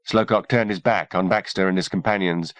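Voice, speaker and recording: A man narrating an audiobook in a steady, measured reading voice. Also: low voice, dry recording.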